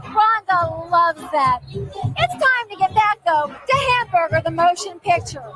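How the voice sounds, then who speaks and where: A woman's voice: very high voice, lively intonation, measured pace, loud music behind the voice. A woman hosting a late-night TV show, interviewing celebrities in a bubbly, gushing manner and calling herself by name. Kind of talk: red-carpet celebrity interviews.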